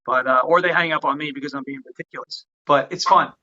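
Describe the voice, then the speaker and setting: Man guest, rambling, chuckling, sharp bright voice, muffled lo-fi audio. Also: a little high, quick pace. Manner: rambling, chuckling, many fillers. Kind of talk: interview conversation.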